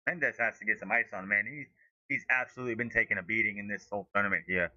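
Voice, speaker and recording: Heated, sharp-voiced man ranting over a live match. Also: rapid-fire, no room sound, dull audio. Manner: heated, profane ranting with sudden high-pitched outbursts. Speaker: watch-along streamer. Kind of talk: live fan watch-along commentary.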